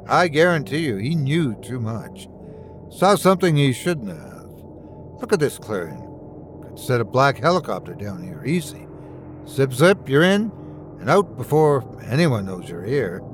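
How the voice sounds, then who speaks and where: A man's voice: mid-range voice, very animated, unhurried, faint music behind. A man voicing a paranoid, conspiracy-minded hunter who talks in an insistent, knowing way.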